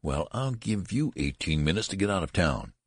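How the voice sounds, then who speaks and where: A man's voice: sits low, big pitch swings, normal speed, husky, dry recording, heavily acted. A man reading the part of a stern, weary male college registrar who talks with scorn, in a storybook reading. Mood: scornful. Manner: scornful, blustering.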